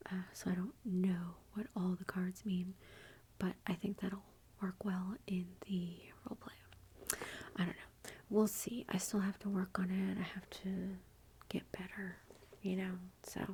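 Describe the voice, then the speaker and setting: Unwell woman whispering a slow ASMR haul. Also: mid-range voice, slight background noise. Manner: soft whispered, chatty and self-deprecating. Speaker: ASMR channel host.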